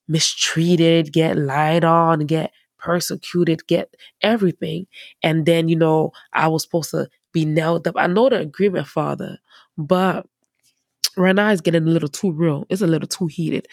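A woman's voice: deep voice, gravelly, no echo, studio quality. Jesus, as a woman preacher puts him on, chatty and exasperated. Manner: chatty, playful, exaggerated. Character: Jesus, man, exasperated and casual, talking to his father.

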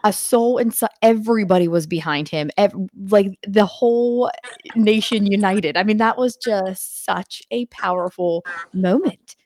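A woman's voice: mid-range voice, unhurried, darkish tone, no room sound. A woman hosting an interview show, asking questions and reacting in a casual, effusive way. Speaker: podcast host. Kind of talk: casual conversation.

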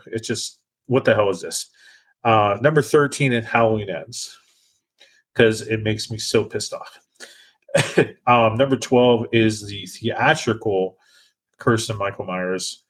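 A man's voice: medium pitch, a bit bright. A man hosting a casual podcast chat, talking with frequent restarts and hesitations. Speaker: podcast host.

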